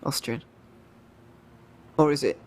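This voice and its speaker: A man's voice: slow, darkish tone, slight background noise. A man giving live race commentary in a chatty way, often breaking off and restarting his sentences.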